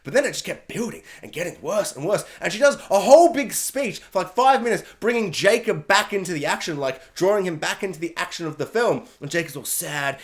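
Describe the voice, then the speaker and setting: High-voiced man ranting about a film. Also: brisk, few pauses. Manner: animated, exasperated, emphatic. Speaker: film reviewer. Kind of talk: casual ranting film review.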